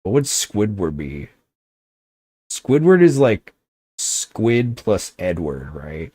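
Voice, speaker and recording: A young man rambles and jokes his way through a game livestream, often breaking off mid-thought. His voice sits very low and his pace is slow and drawn out, with a close, dry sound. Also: expressive, a little mellow, slightly rough, dry recording. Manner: rambling, joking, self-interrupting. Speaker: streamer. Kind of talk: casual gaming livestream chat.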